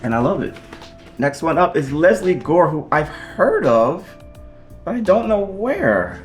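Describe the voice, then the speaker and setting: A man hosting a casual vlog as he unboxes vinyl records, excitable and gushing, swearing often. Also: fairly high pitch, a little slow, faint music behind.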